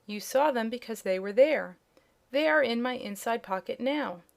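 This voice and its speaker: A woman's voice: fairly high pitch, expressive, vocal fry. A woman doing a genial little humbug wizard. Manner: measured, explaining. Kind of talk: audiobook character voice.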